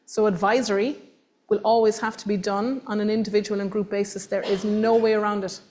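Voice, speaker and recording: An Irish woman presents a workshop in a meeting room, her voice sitting at an ordinary middle pitch. She talks emphatically and animatedly, pressing her points and slipping into quick acted-out voices of other people. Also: steady tone, darkish tone, slight background noise. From Ireland. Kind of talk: lively workshop talk to an audience.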